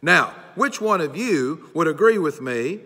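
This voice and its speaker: A preacher putting on a smug, sneering professor. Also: male voice, on the high side, expressive, a little slow, pushed and bright, voice pushed up, full character voice. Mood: condescending. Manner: mocking, lecturing. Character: condescending male atheist college professor. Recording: long church hall reverb.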